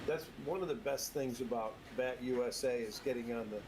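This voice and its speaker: A man's voice: mid-range voice, brisk. A man from the southern United States, chatting casually and telling stories about his hobby. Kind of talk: casual chat. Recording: audible background noise.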